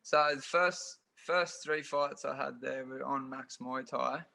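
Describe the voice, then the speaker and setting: A man's voice: mid-range voice, takes it slowly, gravelly. A young Australian man, a Muay Thai fighter, telling stories in a casual podcast interview with lots of fillers. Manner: animated storytelling with frequent fillers.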